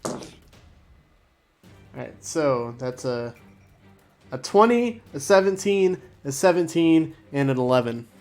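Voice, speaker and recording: A man's voice: on the high side, expressive, takes it slowly, long pauses, darkish tone, soft background music. A laid-back man narrating a tabletop game as game master, laughing easily.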